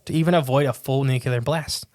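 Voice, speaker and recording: A man co-hosting a casual podcast, chatting in a rambling way and reading quotes aloud haltingly. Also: mid-range voice, fairly even intonation, darkish tone, dry recording, clean studio sound. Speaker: podcast co-host.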